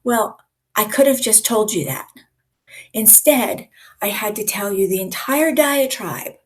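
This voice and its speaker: A woman leading a live online communication coaching session in a lively, conversational way, often acting out examples for her listeners. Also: medium pitch, slightly rough. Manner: lively, conversational teacher who acts out examples.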